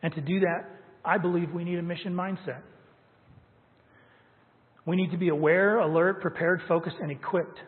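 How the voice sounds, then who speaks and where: A man's voice: sits high, fairly even intonation, normal speed, pauses often. A man preaching a sermon as pastor, emphatic and stressing key words. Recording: tinny phone-like sound with long hall reverb.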